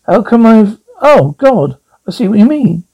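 A man's voice: sits high, very animated, unhurried, breathy edge, highs cut off, heavily acted. An actor playing a flustered, bewildered married man in a radio drama. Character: anxious, bewildered middle-aged married man. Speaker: man troubled by strange dreams.

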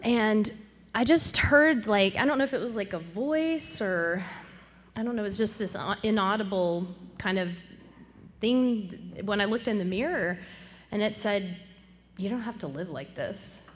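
A woman's voice: mid-range voice, lively intonation, unhurried, in a large hall, a little hiss or hum. Candid woman telling a recovery story. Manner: candid, self-deprecating, laughs often, acts out others' lines. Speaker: speaker sharing recovery story. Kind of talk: storytelling talk.

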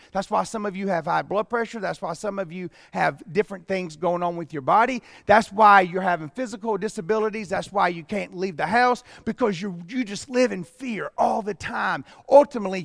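A man pastor preaching a sermon with emphatic delivery that rises to loud exclamations. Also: sits high, vocal fry, no echo, studio quality, big-room sound.

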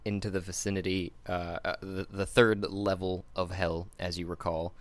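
A man's voice: deep voice, flat delivery, moderate pace. A man running a tabletop game as game master, narrating a scene in a rambling way and correcting himself as he goes.

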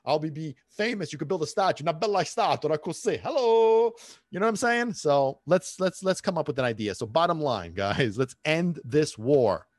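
Guy ranting on his podcast, pitch jumping all over, dry close sound. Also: brisk, few pauses, dry recording. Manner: animated, rambling, drops into Italian and Sicilian phrases. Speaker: podcast host. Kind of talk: casual podcast monologue.

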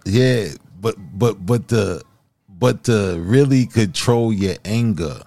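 A man hosting a podcast, chatting casually and praising a poem, laid-back and drawn-out. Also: low-pitched, a little mellow, dry recording. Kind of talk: casual chat.

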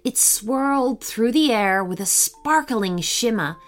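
A woman gently and expressively reading a children's bedtime story. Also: a little high, animated, slow pace, soft background music.

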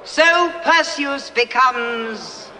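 A proud queen makes a solemn ceremonial vow in a film drama. Her voice is very high, slow and bright. It rings in a long hall over faint film music. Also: heavy background noise. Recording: reverberant hall with film score.

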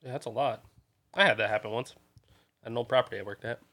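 A man's voice: medium pitch, fast, bright, forceful tone, dry recording. A man co-hosting a casual podcast chat, reacting with dry, wry comments. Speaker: podcast co-host.

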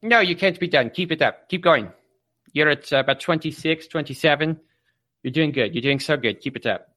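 A man playing a bossy, cranky male professor who barks orders at a student in gruff, profane bursts, improvised on a livestream. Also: medium pitch, quick pace, a bit bright, no room sound, studio quality, lightly acted. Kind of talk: improvised comic role-play on a livestream.

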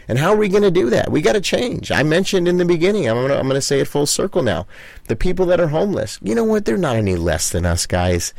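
A man's voice: on the low side, no echo. A middle-aged man, a pastor, preaching fervently and speaking straight to the listener, with many repeated phrases. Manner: fervent, repetitive, addresses listener directly. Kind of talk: preaching talk.

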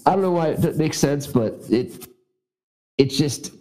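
A man on a casual movie podcast, talking in a halting, hesitant way. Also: on the high side, animated, mellow, poor audio. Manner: hesitant, halting, many restarts. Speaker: podcast co-host.

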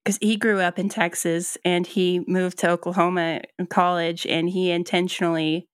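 A woman's voice: fairly low pitch, little pitch movement, normal speed, smooth, no echo, studio quality. A woman co-hosting a podcast, musing casually with many ums and restarts. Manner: thoughtful, hesitant, many ums and likes. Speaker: podcast co-host. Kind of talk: casual chat.

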